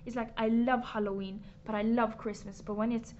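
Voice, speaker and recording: A young woman with a fairly high voice talks in a loose, slangy way, dropping swear words as she chats with a friend. The recording is dull and lo-fi, with a faint hiss behind her. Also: little pitch movement, a little fast, a little mellow. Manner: slangy, laid-back, swears casually. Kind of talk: casual chat. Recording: dull lo-fi sound with faint background noise.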